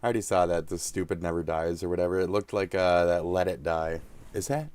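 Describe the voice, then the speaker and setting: A man's voice: low-pitched, brisk, very noisy. A sleepy young man who keeps yawning as he rambles and swears while signing off from his stream. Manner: drowsy, profane, rambling. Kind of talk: casual rambling sign-off.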